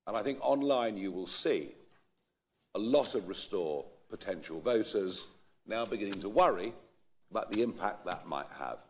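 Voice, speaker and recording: A politician giving a measured statement, with hedging restarts. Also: male voice, fairly low pitch, expressive. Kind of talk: recorded public statement. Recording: dull lo-fi clip audio.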